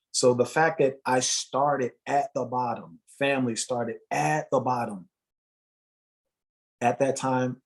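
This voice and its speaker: Man from Jamaica, interview guest, mid-pitched, earnest and motivational, repeats himself for emphasis. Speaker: guest, musician and motivational speaker. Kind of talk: interview storytelling.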